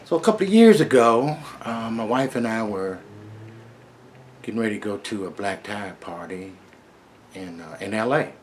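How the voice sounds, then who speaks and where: A man's voice: lowish voice, expressive, normal speed, a little hiss or hum. A middle-aged man casually telling a first-person story in a laid-back, streetwise way, with plenty of profanity.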